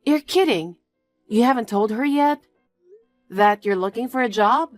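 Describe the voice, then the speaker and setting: A woman's voice: on the high side, expressive, measured pace, faint music behind, voice pushed up. A woman voicing an earnest, anxious young fiancée who pleads and questions in disbelief. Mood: incredulous. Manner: pleading and incredulous.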